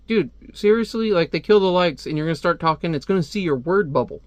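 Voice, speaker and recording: A man's voice: fairly high pitch, expressive, fairly quick, no room sound. A man reviewing a comic book in a casual read-aloud, rambling into chatty asides.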